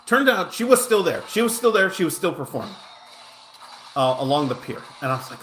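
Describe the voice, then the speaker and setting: A man's voice: a little high, expressive, normal speed, long pauses, fairly bright tone, soft background music. Rambling man with a raised voice. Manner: rambling, full of restarts and asides; self-mocking humor. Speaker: gaming streamer. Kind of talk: casual storytelling while playing.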